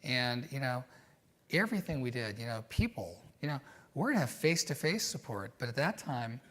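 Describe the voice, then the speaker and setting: A man being interviewed, telling stories in a reflective, animated way with many fillers. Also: medium pitch, normal speed. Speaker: guest. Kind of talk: conversational interview storytelling.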